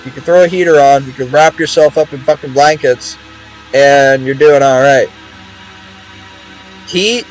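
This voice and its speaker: A man's voice: medium pitch, a little slow, long pauses, faint music behind, poor audio. A young man streaming a game, chatting casually in a rambling, profane way with many restarts. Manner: rambling, profane, repeats words.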